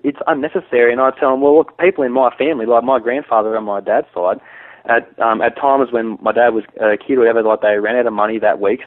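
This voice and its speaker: A man with a medium-pitched voice talks casually and with strong opinions as a hunter guest, restarting his sentences often. It's a relaxed conversation heard over a tinny phone line, with no echo.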